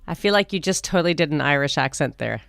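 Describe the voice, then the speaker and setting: A woman's voice: low voice, animated, fast talker, vocal fry, fairly bright tone, no room sound, clean studio sound. An American woman co-hosting a podcast, chatting casually with a friend and teasing her with lots of laughter. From United States. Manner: giggly, playful teasing. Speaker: podcast co-host. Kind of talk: casual chat.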